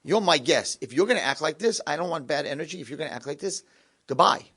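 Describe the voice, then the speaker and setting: Storytelling part: a man doing a warm-hearted old man, a bit raised in pitch, lively and coaxing. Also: quick pace, breathy edge, heavily acted. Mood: firm. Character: kind cheerful wealthy old man.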